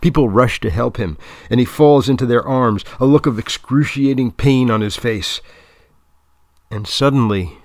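A man reading a story aloud as narrator in a measured, deadpan manner. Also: medium pitch, no room sound, studio quality.

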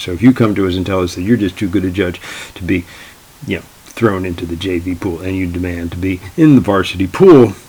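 A man's voice: low voice, gravelly, a little mellow, slight background noise, rough recording. A man, a tournament organizer, telling anecdotes in a wry, dry, exasperated way. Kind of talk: anecdotal storytelling.

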